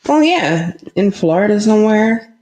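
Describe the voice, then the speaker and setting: A woman's voice: medium pitch, sing-song, normal speed, a crowd in the background. A young woman co-hosting a relationship podcast with her partner, chatting casually, giggling and easygoing. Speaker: podcast co-host. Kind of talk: casual couple's podcast chat.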